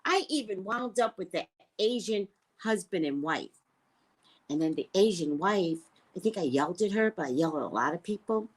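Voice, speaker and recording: A woman who works as a psychic, telling a story in a casual, profane way and swinging between loud and hushed. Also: lowish voice, expressive, normal speed, husky.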